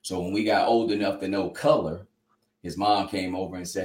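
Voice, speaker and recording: With a deep voice, steady tone, and moderate pace, a man testifies earnestly in an interview. He's heartfelt and sounds like a preacher, repeatedly saying "you know," recorded in an echoey room.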